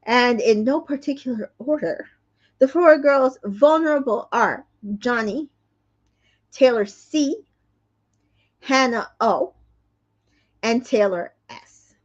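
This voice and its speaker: A woman's voice: fairly high pitch, lively intonation, slow pace, pauses often, muffled recording. A woman hosting a casual reality TV recap, chatty, full of fillers and asides. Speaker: recap show host.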